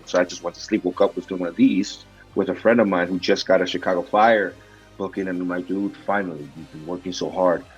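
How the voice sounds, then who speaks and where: A man guest telling stories in a casual interview, excitable and animated, acting out moments from his past. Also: low voice, fast, lo-fi sound, faint music behind. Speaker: actor guest.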